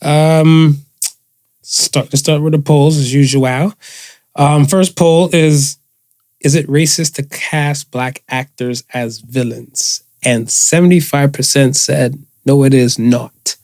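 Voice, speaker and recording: Co-hosting a laid-back podcast, this man speaks slowly in a steady, slightly mellow medium-pitched voice. He rambles and fills out his points with "and stuff."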